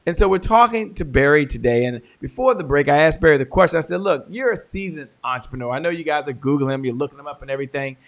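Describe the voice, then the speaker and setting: An upbeat male host with a high voice opens a business talk show segment. He talks with energetic presenter polish. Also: fast, few pauses.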